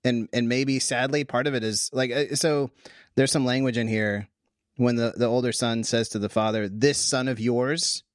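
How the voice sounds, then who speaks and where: A man hosting a casual discussion podcast. He talks in an animated way, restarting sentences as he thinks aloud. The voice sits at a middle pitch on a dry, close recording. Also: normal speed, no room sound. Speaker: podcast host.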